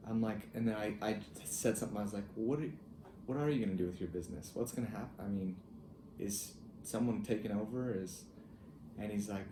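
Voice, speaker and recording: A young man telling a personal family story in a halting, reflective way, with soft laughs. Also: fairly low pitch, background noise. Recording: echoey room with faint ambience.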